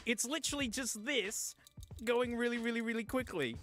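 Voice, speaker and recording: A young South Australian man vlogging casually, joking and breaking into shouts as he browses a second-hand shop. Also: moderate pace, pauses often, faint music behind. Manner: animated, jokey, bursts into high shouting. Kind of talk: casual comedic thrift-shop vlog.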